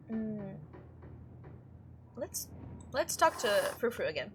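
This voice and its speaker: A woman playing a spooky visual novel, reading the text aloud and reacting in an expressive, giggly way. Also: sits high, normal speed, pauses often, slight background noise. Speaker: let's play streamer.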